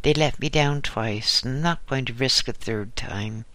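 A man's voice: mid-range voice, measured pace, sharp tone, dry recording. A man voicing a visiting male clergyman who talks in a dry, distracted way. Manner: dry, changes subject.

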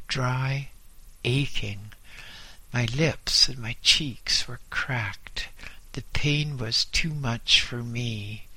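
An audiobook narrator tells a first-person story with slow, grave drama, his mid-range voice carrying a bright, tense edge. The recording is dry and close, with no room sound at all.

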